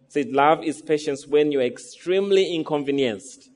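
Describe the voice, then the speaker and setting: A man in his thirties delivers a sermon in a voice that sits a little high for a man. He keeps drawing the congregation in with rhetorical questions. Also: moderate pace, hardly any pauses, darkish tone. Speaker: pastor.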